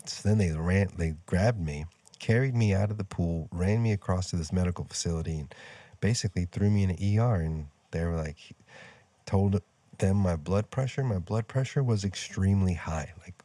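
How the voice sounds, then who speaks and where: A young man tells a story from his own life in a loose, conversational way, full of fillers and acted-out lines from other people. His voice sits low and deep, with a dark, mellow tone. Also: moderate pace, dry recording. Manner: conversational, rambling, with fillers and quoted dialogue. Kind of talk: casual personal storytelling.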